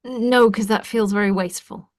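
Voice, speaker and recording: A woman's voice: medium pitch, steady tone, moderate pace, no room sound, clean studio sound. A woman co-hosting a casual podcast, teasing and playful in her remarks. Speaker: podcast co-host.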